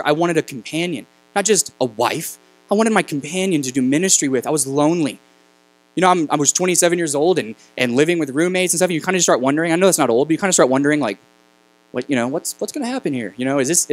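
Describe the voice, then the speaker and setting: A man in his thirties preaching as a guest speaker, telling a personal story in a halting, conversational way that turns emotional. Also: fairly high pitch, dry recording, poor audio. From New Mexico. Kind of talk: storytelling sermon. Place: church sanctuary.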